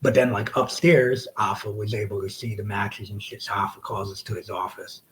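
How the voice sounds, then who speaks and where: Profane, animated man telling a wrestling story. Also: on the low side, moderate pace, slight background noise, rough recording. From United States. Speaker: wrestler guest. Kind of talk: casual storytelling interview.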